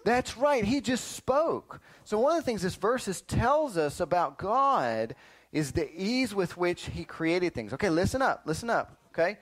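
A man teaching a lively Bible lesson to children, quizzing them and often calling "listen up" to get their attention. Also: sits high, a little slow. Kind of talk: animated Sunday school lesson.

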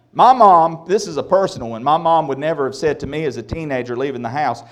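A man's voice: fairly high pitch, fairly quick, hardly any pauses. A man preaching a sermon in a church, folksy and joking with the congregation. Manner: folksy, joking, animated delivery. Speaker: pastor. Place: church sanctuary.

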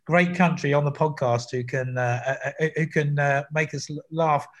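A man's voice: on the high side, steady tone, moderate pace. A man co-hosting a football podcast, talking earnestly and stumbling over his words. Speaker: podcast co-host. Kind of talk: casual football podcast chat.

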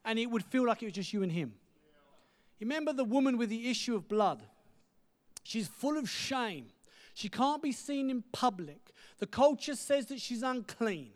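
A man preaching a sermon, telling stories with lively energy, dropping to a hush for quoted words and often asking "right?". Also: extremely high pitch, moderate pace. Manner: animated storytelling, asks the audience "right?".

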